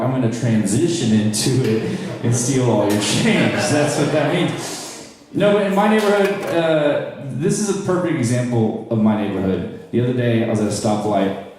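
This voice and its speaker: A man's voice: mid-range voice, a little mellow, a little hiss or hum. A young man from North Charleston performing a stand-up comedy set to a small crowd, with wry, self-deprecating crowd work. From North Charleston, South Carolina, USA. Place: small live comedy room. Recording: echoey room from a distant mic.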